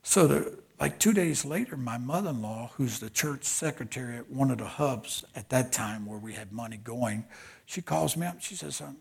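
Gravelly older man preaching a story sermon. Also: medium pitch, normal speed. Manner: animated storyteller who drops to hushed whispers for emphasis. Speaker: pastor.

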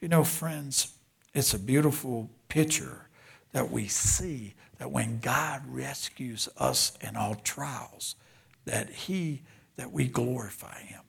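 Gravelly older man preaching a story sermon. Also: medium pitch, slow pace. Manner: animated storyteller who drops to hushed whispers for emphasis. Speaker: pastor.

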